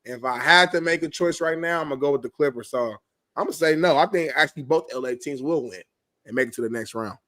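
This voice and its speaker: A man co-hosting a sports talk show talks through his predictions in a steady, reasoning way. His voice sits a bit higher than most men's. It is recorded dry and close, with no room sound. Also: no room sound. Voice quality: measured, reasoning, conversational.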